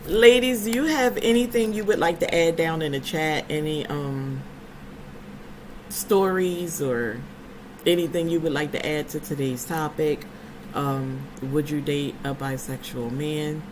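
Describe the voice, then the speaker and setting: A woman's voice: sits low, measured pace, a little mellow, a little hiss or hum, low-quality recording. Chatty woman vlogger talking to viewers. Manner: chatty storyteller, playful and emphatic. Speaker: vlogger host. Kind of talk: casual chat with live viewers.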